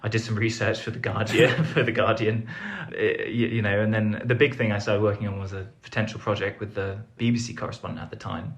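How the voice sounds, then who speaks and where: A man's voice: on the low side, level tone, fairly quick, hardly any pauses. A young man telling a rambling, self-deprecating story as a podcast guest, full of fillers and restarts. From England. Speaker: podcast guest, foreign correspondent. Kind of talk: casual storytelling interview.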